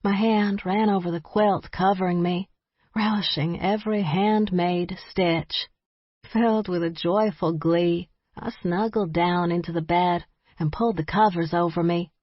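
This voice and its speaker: A woman's voice: fairly low pitch, fairly even intonation, no echo, muffled recording. Woman narrating a wry cozy mystery. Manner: measured, wry storytelling. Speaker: audiobook narrator. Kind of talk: first-person scripted narration.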